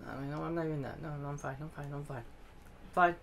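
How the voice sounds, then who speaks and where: A man giving let's-play commentary as a gaming host, swearing a lot and swinging from low muttering to yelling at the game. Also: fast talker, creaky, slight background noise.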